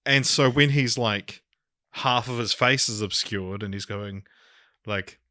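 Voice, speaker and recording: A man's voice: mid-range voice, measured pace, sharp tone, dry recording, clean studio sound. A man co-hosting a casual film review podcast, rambling with lots of fillers and laughing at his own points. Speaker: podcast co-host.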